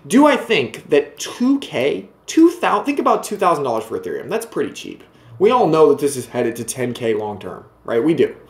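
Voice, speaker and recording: A man's voice: a little high, wildly swooping pitch, moderate pace, roomy sound. A man hosting his own video channel, ranting emphatically, repeating himself and talking straight to his viewers. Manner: emphatic, repetitive, talks to viewers directly. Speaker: crypto video host.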